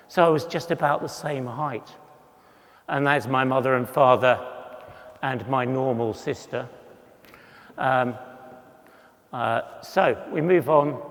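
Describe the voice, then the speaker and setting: A man's voice: medium pitch, in a large hall. A man in his sixties from England giving a humorous, self-deprecating storytelling talk with slides, acting out voices in his anecdotes. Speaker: conference speaker.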